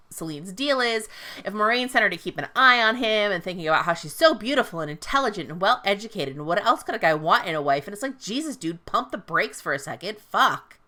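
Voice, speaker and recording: A woman's voice: mid-range voice, sharp tone. A woman casually recapping a fantasy novel on a podcast, swearing freely and paraphrasing characters in a playful, irreverent way. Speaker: podcast host recapping a book.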